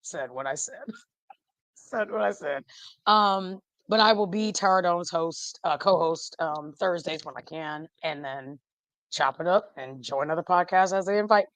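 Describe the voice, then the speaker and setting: A lowish-voiced woman, talking football in a loose, rambling way. She laughs often and drifts off mid-sentence. Her voice sits close and dry, with no room sound around it. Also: measured pace, dry recording. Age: 40s. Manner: chatty and animated, laughs often, trails off. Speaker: podcast guest. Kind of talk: casual fan chat.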